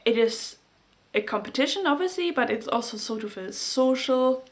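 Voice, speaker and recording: Halting woman with a German accent. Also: high voice, expressive. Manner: halting, searches for words. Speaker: knitting podcast host. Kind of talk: casual chat to camera.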